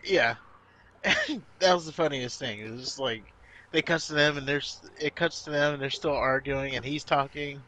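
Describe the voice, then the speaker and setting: A man's voice: fairly high pitch, moderate pace, pushed and bright. A man co-hosting a podcast, casually recapping wrestling events and laughing often as he tells the story. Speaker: podcast co-host.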